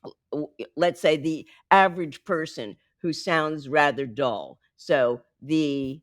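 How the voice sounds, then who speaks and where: A woman who coaches executives on speaking, talking with lively, emphatic emphasis in a podcast interview. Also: low voice, unhurried, no echo, clean studio sound. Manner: lively, emphatic, teaching by example. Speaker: executive communication coach, guest.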